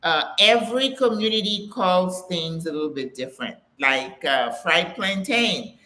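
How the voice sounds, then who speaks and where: A woman's voice: lowish voice, expressive, measured pace, sharp tone. An older woman hosting a live Q&A, chatting casually, laughing often and greeting viewers by name. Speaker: host of a live Q&A for retiring women. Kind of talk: casual live-stream chat.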